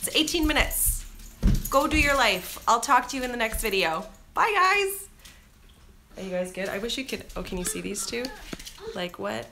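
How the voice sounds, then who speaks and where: A woman's voice: on the high side, fairly quick, bright, forceful tone, faint music behind. A Canadian woman in her thirties talking to camera in a casual, scattered vlog chat, laughing easily as she goes. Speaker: vlogger.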